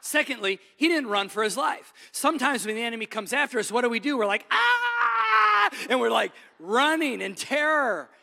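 A man preaching a sermon as a pastor, swinging between loud, emphatic lines and hushed, soft ones, recorded in a church sanctuary. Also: very high voice, lively intonation, fairly quick, creaky, hardly any pauses, big-room sound.

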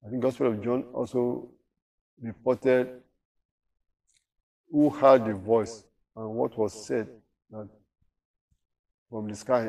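A man leads a Bible study at a middling pitch. He reads verses aloud, then explains them and keeps asking his listeners questions. His voice sits a little back from the microphone. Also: steady tone, slow pace, vocal fry, long pauses, mellow, recorded from a distance. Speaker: Bible teacher.

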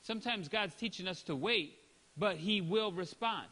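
High bright-voiced male preacher in a hall. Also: expressive, moderate pace, breathy edge. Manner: acts out short voiced exchanges, rising and dropping in volume. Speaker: pastor. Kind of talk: sermon.

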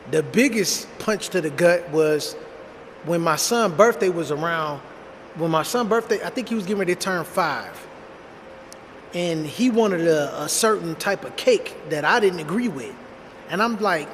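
Man, high voice, blunt slangy storyteller, talks to viewers, reverby room with faint background hum. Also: expressive, measured pace, fairly bright tone. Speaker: storytime vlogger. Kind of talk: casual storytelling monologue.

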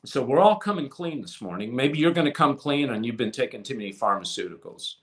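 A man preaching a sermon with passion, swinging from loud to hushed and repeating words as he restarts phrases. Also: medium pitch, big pitch swings, a little fast. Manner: impassioned preaching with sudden swings from loud to soft. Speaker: pastor.

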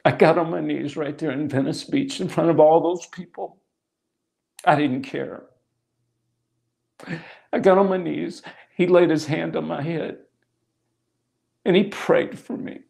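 Male pastor, middle-aged, gravelly voice, sermon storytelling, repeats lines for emphasis. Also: fairly high pitch, fairly even intonation, a little slow, pauses often, a little mellow. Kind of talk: sermon with personal testimony.

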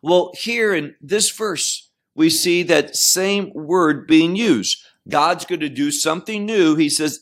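Male Bible teacher, slightly high voice, unhurried, deliberate verse-by-verse explanation. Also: a bit bright. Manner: deliberate, often repeats and restarts words; explains Hebrew terms.

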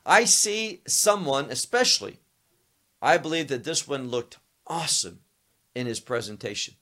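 A man preaching a sermon, teaching slowly and emphatically through a scripture passage, repeating key words and phrases. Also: medium pitch, sing-song, pushed and bright. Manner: slow, emphatic teaching with Hebrew terms.

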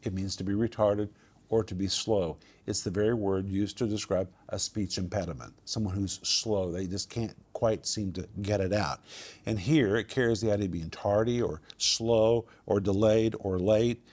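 A man's voice: on the low side, steady tone, normal speed, darkish tone. A man teaching a home group Bible study, emphatic and repeating words for stress.

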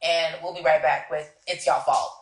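A woman co-hosting a comedy talk show who teases her partner with quick comebacks. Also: low voice, steady tone, echoey room. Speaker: co-host. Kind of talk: playful comedic banter.

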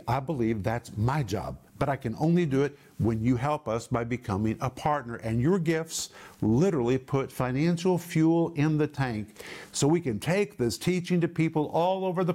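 A man teaching the Bible on a broadcast program, emphatic and stretching key words out slowly. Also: medium pitch, a little mellow.

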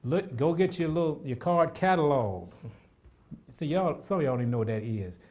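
A middle-aged man preaching a sermon, animated and repetitive, with asides to the congregation. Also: on the high side, normal speed.

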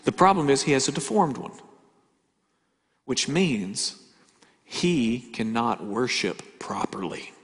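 A male pastor preaching a sermon, asking rhetorical questions and swinging between loud emphasis and quiet asides. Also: mid-range voice, sing-song, slow, pauses often, husky. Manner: conversational preaching with rhetorical questions and dramatic shifts in volume. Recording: hall reverb.

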